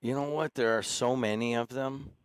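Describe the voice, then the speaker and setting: A man's voice: medium pitch, steady tone, normal speed, clean tone, no room sound. A man hosting a radio call-in show, chatting with callers in a rambling, friendly, teasing way. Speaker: radio talk show host. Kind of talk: casual call-in chat. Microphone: studio microphone.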